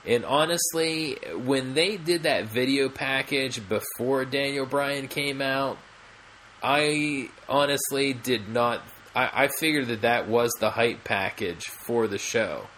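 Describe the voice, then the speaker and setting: Casual podcast man, slow and rambling, full of ums and restarts, faint noise behind. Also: medium pitch, fairly bright tone. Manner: rambling, many fillers and restarts. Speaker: podcast co-host. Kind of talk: casual chat.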